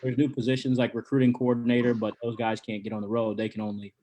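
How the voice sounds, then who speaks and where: A man's voice: medium pitch, completely flat delivery, fast talker, warm tone, a little hiss or hum. A man who coaches college wrestling, answering interview questions in a laid-back way, with lots of ums and restarts. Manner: laid-back, many ums and repeated starts.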